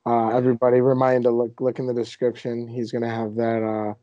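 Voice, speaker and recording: A young man in his twenties hosting a casual podcast, telling stories with animated, mock-indignant energy. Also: mid-range voice, a little fast, lo-fi sound. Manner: animated storyteller, exaggerated indignation. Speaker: podcast host.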